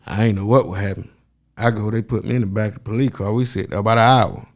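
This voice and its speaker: A man's voice: lowish voice, fast. Profane storytelling man. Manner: profane, animated, acts out quoted voices. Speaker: podcast guest. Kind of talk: casual storytelling.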